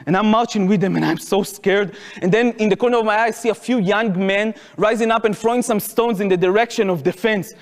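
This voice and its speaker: A man's voice: high voice, fairly quick, few pauses. A man in his twenties with an Israeli accent, telling a personal story to an audience and acting out the voices in it. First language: Hebrew. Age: 20s. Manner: animated, acts out quotes, shouts at peaks. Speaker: speaker. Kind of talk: public talk, storytelling. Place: lecture hall. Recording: long hall reverb.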